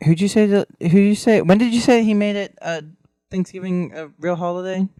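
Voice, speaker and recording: A man's voice: sits high, steady tone, brisk, mellow, smooth, no room sound. Sarcastic guy riffing with his friends, dry close sound. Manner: wry, sarcastic joker. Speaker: panelist. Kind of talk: casual chat.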